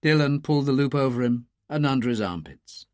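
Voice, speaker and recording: An audiobook narrator reading a thriller in a steady, measured narrating voice. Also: mid-range voice, no echo, clean studio sound.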